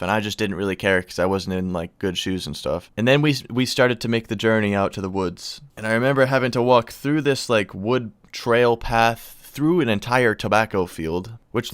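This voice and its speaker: A man's voice: lowish voice, fairly bright tone, smooth, no echo. Rambling, profane young man telling a story. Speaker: vlogger. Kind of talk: casual storytelling.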